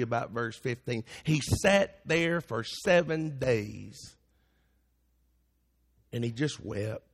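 Preaching man with gravelly voice, echoing hall. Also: a little high. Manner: preaching, rising to emphatic peaks. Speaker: pastor. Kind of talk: sermon. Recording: long hall reverb.

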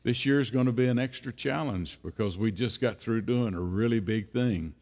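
A man preaching a sermon in a church, unhurried, repeating phrases and often pausing on "uh". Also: medium pitch, a little mellow. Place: church sanctuary. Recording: long church-hall reverb.

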